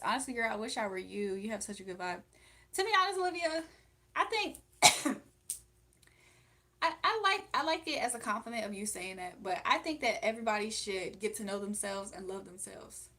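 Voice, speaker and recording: A woman's voice: mid-range voice, fairly bright tone. Blunt, outspoken woman streamer. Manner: blunt and outspoken, laughs often. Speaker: livestream host reading chat. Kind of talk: casual live chat.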